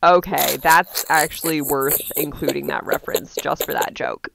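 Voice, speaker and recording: A woman's voice: deep voice, fairly even intonation, normal speed, gravelly, a bit bright, slight background noise. A woman co-hosting a podcast, cutting in with incredulous, teasing questions and comments. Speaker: podcast co-host. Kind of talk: casual banter and commentary.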